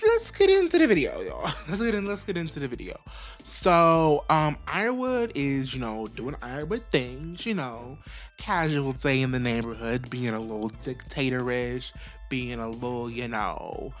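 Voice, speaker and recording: A young woman casually reviewing an episode, chatty and profane, with many fillers and repeats. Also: extremely low pitch. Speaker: video reviewer. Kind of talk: casual recap and commentary.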